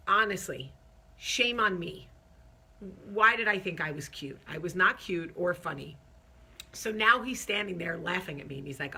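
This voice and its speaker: A woman host telling a funny story in an animated, self-deprecating way, acting out the quotes. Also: on the low side, moderate pace, gravelly, breathy edge. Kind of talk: comic storytelling.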